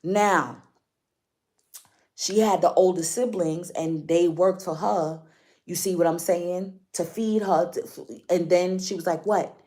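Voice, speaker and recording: A woman's voice: fairly low pitch, fairly even intonation, takes it slowly, warm tone. A woman giving a casual spiritual card reading to her viewers. She speaks emphatically, repeats her points and often asks if they follow her.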